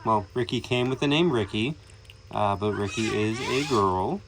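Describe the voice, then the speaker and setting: Speaking on the low side at a moderate pace, a man chats casually to camera while talking affectionately to his animals. He's an animal keeper vlogger outdoors among pens and aviaries, and the recording carries outdoor noise and animal sounds.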